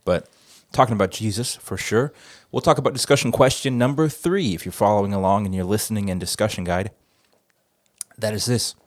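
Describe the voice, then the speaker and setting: A chatty, rambling man hosts a casual church podcast, his voice sitting fairly low. The sound is close and dry, with almost no room around it. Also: a little fast, no room sound. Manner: chatty, rambling, jokes at himself. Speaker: podcast host. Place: church office studio.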